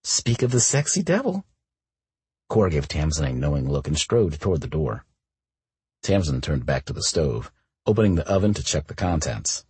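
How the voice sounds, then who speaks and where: Deep, husky-voiced male narrator. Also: lively intonation, normal speed, darkish tone, no echo. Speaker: audiobook narrator. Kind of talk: scripted audiobook narration.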